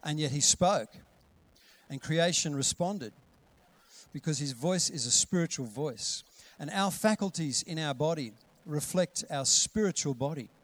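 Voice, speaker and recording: A man preaching a sermon in a conversational way, acting out quoted voices and dropping to a hush for gentle lines. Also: fairly high pitch, expressive, unhurried. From Australia. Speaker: pastor.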